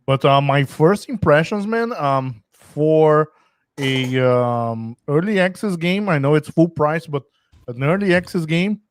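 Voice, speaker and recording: A man on a casual gaming podcast giving his first impressions hesitantly, with many "um"s and pauses. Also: on the high side, lively intonation. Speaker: podcast guest.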